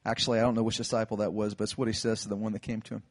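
A middle-aged man preaching a sermon, retelling a Bible story with lively acted-out lines. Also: on the low side, racing. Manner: animated storytelling, acts out disciples' lines. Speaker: pastor.

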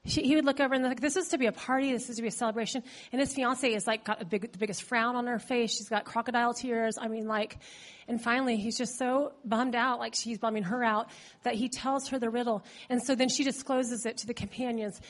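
Casting: high-pitched woman preacher with a cold, humorous, chatty sermon delivery. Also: brisk, fairly bright tone. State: has a cold. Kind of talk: conversational sermon.

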